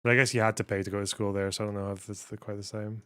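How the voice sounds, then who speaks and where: A man's voice: fairly low pitch, little pitch movement, racing, fairly bright tone, clear, resonant tone. A man hosting a livestream, chatting casually and bluntly with frequent swearing and laughter. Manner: profane, blunt, laughs often. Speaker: livestream host.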